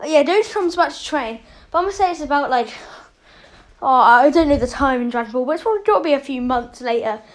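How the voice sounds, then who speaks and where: A woman's voice: sits high, expressive, fast. A woman casually telling a made-up story as a channel host, rambling and correcting herself often. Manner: rambling, with many fillers and self-corrections.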